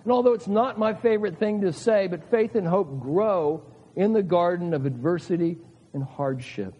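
A man's voice: high voice, moderate pace, husky, big-room sound, lo-fi sound. A man preaching a sermon in an earnest manner, his voice rising dramatically as he makes his points. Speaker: pastor.

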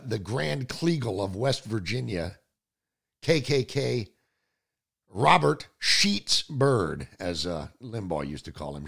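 A man hosting a political talk show, delivering combative, sarcastic commentary that swings between loud outbursts and low mutters. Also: vocal fry, breathy edge.

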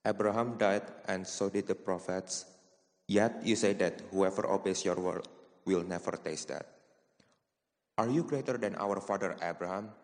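A man reading a Bible passage aloud at a steady, deliberate pace. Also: low-pitched, long reverb tail. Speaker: scripture reader. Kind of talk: scripture reading.

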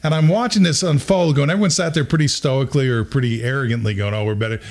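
A middle-aged man hosting a podcast, telling a story in a casual, animated way and acting out quotes with bursts of laughter. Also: mid-range voice, fast. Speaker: podcast host.

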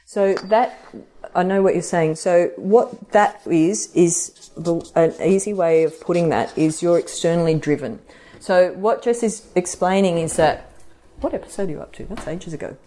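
Woman, middle-aged, lowish voice, chatty, animated, acts out quotes, podcast host. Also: moderate pace. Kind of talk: casual live talk to an audience.

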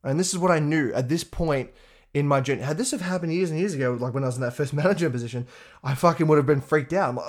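Swearing man, slightly high voice. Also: quick pace. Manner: profane, animated, acts out others in a higher voice. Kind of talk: casual motivational monologue.

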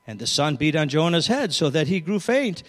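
High-voiced preacher man in an echoing hall. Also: very animated, normal speed. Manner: storytelling, reading scripture aloud with changing emphasis. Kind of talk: sermon.

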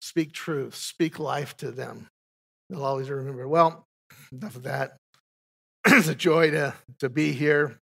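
A man's voice: medium pitch, steady tone, a little slow, gravelly, sharp tone, husky. An older man, a pastor, giving a folksy spoken testimony from the pulpit, telling stories with frequent restarts.

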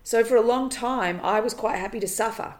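A woman's voice: a little high, fairly quick. A woman coach talking on her own podcast, earnest and emphatic, repeating her phrases and swearing casually. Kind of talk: solo motivational podcast monologue.

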